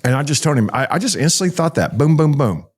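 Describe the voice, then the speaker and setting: A pastor, a man from Texas, telling a story as a podcast guest in a folksy, animated way. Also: fairly high pitch, fast talker, slightly rough. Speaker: pastor and ministry founder, guest.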